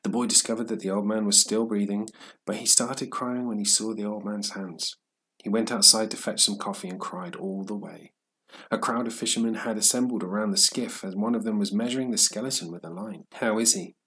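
A man reading a story aloud in a steady, measured narration for English learners. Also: on the low side, husky.

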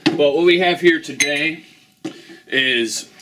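A man's voice: medium pitch, normal speed, a bit bright. A man casually hosting a drink review, laid-back and rambling with fillers.

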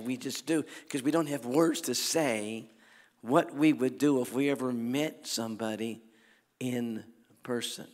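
An older man preaching at a crusade, telling folksy stories in a sermon that swings from soft talk to loud exhortation. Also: mid-range voice, a little slow. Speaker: evangelist preacher. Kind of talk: sermon with storytelling. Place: large church or arena at a crusade. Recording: long hall reverb.

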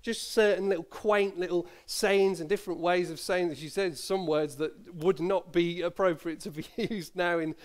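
Chatty preacher, slightly high voice. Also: male voice, fairly even intonation, moderate pace, hardly any pauses. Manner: conversational, self-deprecating, with asides and small laughs. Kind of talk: sermon. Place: church.

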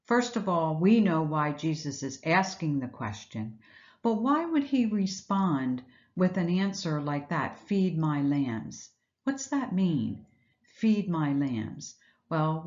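Woman, low voice, earnest devotional sermon, reflective, slightly muffled lo-fi sound. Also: a little mellow. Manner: earnest, reflective, asks rhetorical questions. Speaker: Bible teacher. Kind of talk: Easter devotional message.

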